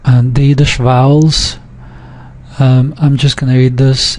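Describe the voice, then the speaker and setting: Slow, flat-voiced male language teacher. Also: medium pitch. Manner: slow, patient, with frequent hesitations. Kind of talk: recorded textbook lesson.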